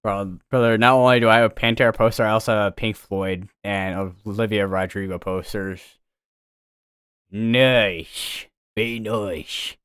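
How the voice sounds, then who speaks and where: Talking a little fast with few pauses, this young US weather stream host has a lowish, clear, resonant voice that's a bit bright, though his delivery is flat. He chats and rambles from a home room with a green screen, often correcting himself.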